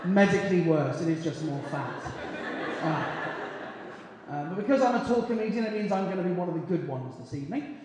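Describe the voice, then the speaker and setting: A man's voice: high-pitched, lively intonation, a little fast. A man in his late twenties from Bristol doing a self-deprecating stand-up set, hesitant and full of ums. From Bristol, England. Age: 20s. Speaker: stand-up comedian. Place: comedy club stage with live audience. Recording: echoey hall with crowd noise.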